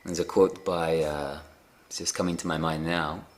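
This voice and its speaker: A man giving a gentle, unhurried spiritual talk on a live video call, often pausing with fillers and restarting his sentences. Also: a bass voice, little pitch movement. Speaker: spiritual teacher.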